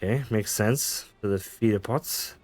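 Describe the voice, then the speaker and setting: Casting: male gaming streamer, low-ish voice, reads game lines aloud with stumbles, faint game music behind. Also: a little slow, a little mellow. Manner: reads lines with stumbles, self-corrections and laughs. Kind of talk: reading game dialogue aloud while playing.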